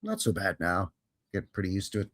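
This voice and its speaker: A man's voice: deep voice, wildly swooping pitch, brisk, a bit bright. A man hosting a casual live stream, rambling in a folksy way and chuckling as he answers viewers' questions.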